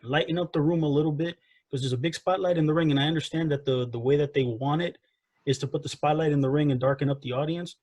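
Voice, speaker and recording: A man's voice: fairly high pitch, fairly even intonation, fast talker, darkish tone, dry recording. A man co-hosting a casual wrestling review podcast, rambling and repeating himself as he gives his opinions. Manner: rambling, repeats himself, frequent "you know" and "again". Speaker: podcast co-host.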